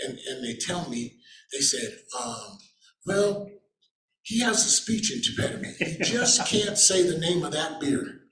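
Man, faith testimony, casual storyteller, acts out quotes, mid-pitched voice, echoey room. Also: fairly bright tone. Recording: roomy echo.

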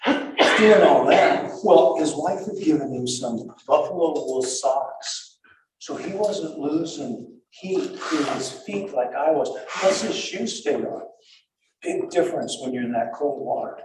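An older man recounting a survival ordeal in a halting, breathless way, full of restarts and repeated words. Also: on the high side, expressive, background noise. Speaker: survivor telling his story. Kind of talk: spoken first-person recollection. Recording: very echoey and far from the mic.

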